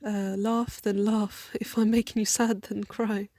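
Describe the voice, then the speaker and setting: A woman relays a spiritual lecture in short, halting phrases. Her voice sits at a middling pitch and stays level and even, with little rise or fall, and she often breaks off mid-word to correct herself.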